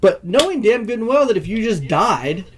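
High-voiced man ranting about a movie. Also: normal speed. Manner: ranting, profane, animated. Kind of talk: casual movie discussion.

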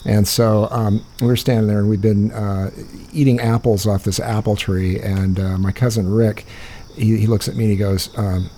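Male podcast guest, low gravelly voice, rambling and profane storyteller, faint background hiss. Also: little pitch movement, moderate pace, dark tone. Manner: rambling, profane, laughs through his stories. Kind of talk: casual storytelling chat.

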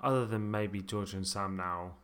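Bright-toned man, dry wit. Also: fairly low pitch, moderate pace, smooth. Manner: dry wit, chatty with fillers. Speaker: podcast co-host. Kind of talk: casual chat.

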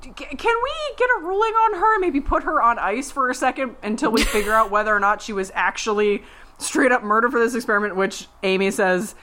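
A woman's voice: on the high side, a little fast, bright, forceful tone. A woman co-hosting a podcast, chatting casually in a rambling way full of restarts and asides. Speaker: podcast co-host. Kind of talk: casual chat.

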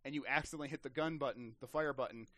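A man's voice: mid-range voice, very fast, dry recording. A man in casual podcast chat about games, telling stories with lots of restarts and acted-out quotes. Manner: animated storyteller, many restarts, acts out quotes.

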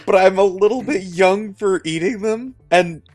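Man as a young giant boy; sheepish, rambling, slightly high-pitched. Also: normal speed, a little mellow, faint music behind, natural voice.

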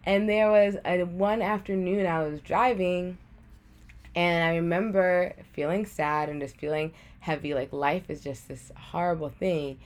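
She's a young adult guest on a podcast, telling a personal story with lots of "like" and playing out her earlier thoughts in a chatty tone. Her lowish voice moves a little slowly.

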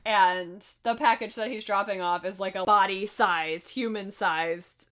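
A woman's voice: mid-range voice, steady tone, a little slow, a bit bright. Sex: woman. Role: podcast co-host. Style: casual chat recapping a film. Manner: chatty and laughing, with asides.

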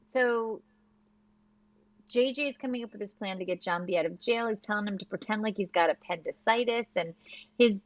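A woman co-hosting a podcast, chatting casually and retelling scenes with quick quoted lines. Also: medium pitch, dry recording, lo-fi sound. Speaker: podcast co-host. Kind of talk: casual recap chat.

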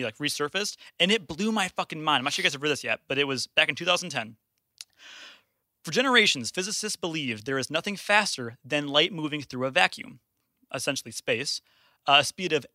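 Young male podcast host, high bright voice, excitable rapid delivery, dry close sound. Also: no echo. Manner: excitable, fast-talking, laughing often. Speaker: podcast host presenting science news. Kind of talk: casual chat.

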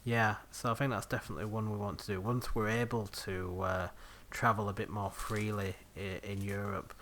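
A man's voice: fairly low pitch, flat delivery, moderate pace, a bit bright, slight background noise. A man, hosting a podcast in casual chat, full of ums and laughs. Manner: chatty, laughs often, many ums. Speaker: podcast host.

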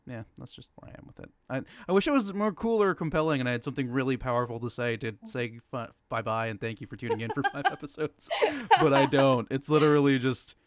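A man's voice: medium pitch, quick pace, hardly any pauses. A man co-hosting a podcast in casual chat, rambling and hesitant with many fillers and restarts. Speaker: podcast co-host.

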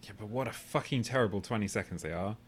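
Rambling low-voiced man, casual podcast chat. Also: fast talker, slight background noise. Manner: rambling, tangential, swearing. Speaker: podcast co-host.

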